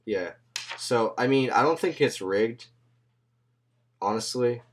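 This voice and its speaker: A man's voice: mid-range voice, takes it slowly. A man hosting a podcast in loose, slangy casual chat, swearing freely and laughing often. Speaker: podcast host.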